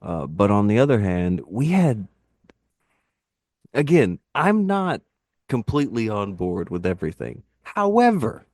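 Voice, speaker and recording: Low-voiced man telling rambling stories. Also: a little slow, no room sound, clean studio sound. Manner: animated, rambling anecdotes, laughs at own jokes. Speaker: podcast guest, wrestling YouTuber. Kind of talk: casual storytelling chat.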